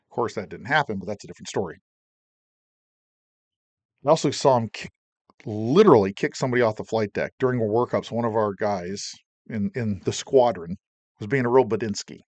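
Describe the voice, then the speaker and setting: A middle-aged man and Navy veteran telling a story from his service, animated, acting out the people he quotes. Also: medium pitch, no room sound. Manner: animated, acts out quotes, profane. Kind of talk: spoken recollection, documentary.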